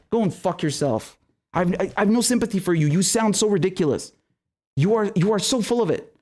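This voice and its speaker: Brisk and animated, this young man's high voice carries a slight mellowness as he hosts a political livestream. His commentary is an enraged, profanity-heavy rant full of stammered restarts, broken up by reading viewer super chats aloud.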